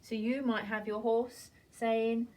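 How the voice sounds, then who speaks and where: A woman teacher, gently retelling a story to young children in a drawn-out, sing-song way. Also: fairly high pitch, flat delivery. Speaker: primary school teacher. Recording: voice from a distance off the mic.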